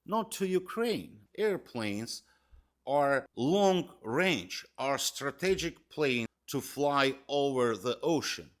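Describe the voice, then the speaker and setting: A man's voice: mid-range voice, expressive, takes it slowly. A man giving a political commentary monologue, emphatic and hammering key words, speaking in broken English phrasing.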